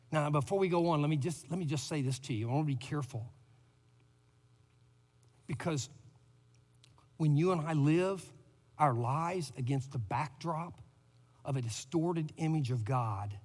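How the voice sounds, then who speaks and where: A man's voice: a little high, long reverb tail. A man preaching a sermon as pastor, building emphasis and lifting his voice on repeated words. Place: church sanctuary.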